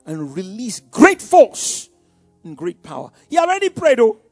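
Animated preacher, loud and soft. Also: male voice, high voice, no room sound. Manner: call-and-response preaching, swinging from hushed to shouting. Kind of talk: sermon.

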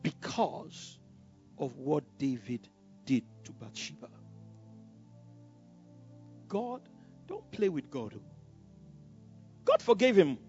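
Man, pastor, sermon, swooping lively pitch, faint music behind. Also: slow pace, long pauses. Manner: animated storytelling preacher, full of "you know" asides, stammers. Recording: dull lo-fi sound with faint music.

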